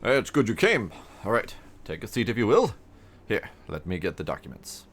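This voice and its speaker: A man's voice: lowish voice, huge pitch swings, slight background noise. A man doing a pompous blustering mayor. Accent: mock British. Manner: theatrical, drawn-out grandiose delivery.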